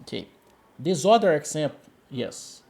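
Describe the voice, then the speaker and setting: Brazilian man teaching English, lively. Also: fairly high pitch, measured pace, gravelly. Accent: Brazilian Portuguese. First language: Brazilian Portuguese. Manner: repeats key words, checks with "okay?" and "understand?". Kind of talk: one-on-one English lesson.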